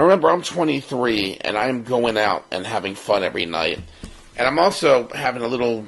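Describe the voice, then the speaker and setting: A man in his fifties from Baltimore with a gravelly, slightly husky voice. He co-hosts a podcast and spins a personal yarn, slipping into the voices of the people in it. His pitch sits in an ordinary middle range. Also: low-quality recording. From Baltimore, United States. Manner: lively storyteller who acts out the other people's lines. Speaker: podcast co-host.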